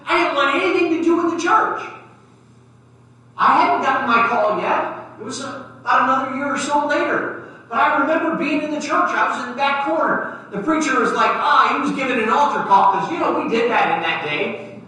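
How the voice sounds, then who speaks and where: A man preaching a sermon, telling a personal story and acting out the dialogue, swinging between loud and soft. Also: extremely high pitch, animated, a little fast. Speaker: pastor. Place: church sanctuary. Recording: very echoey church from far off.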